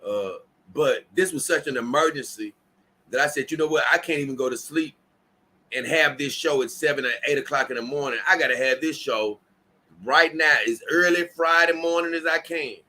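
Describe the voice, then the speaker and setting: A man's voice: on the high side, moderate pace, sharp tone. Tired man rambling on a livestream. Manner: rambling, repeats himself and restarts often. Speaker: livestream host. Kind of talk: casual livestream chat, reading viewer comments aloud.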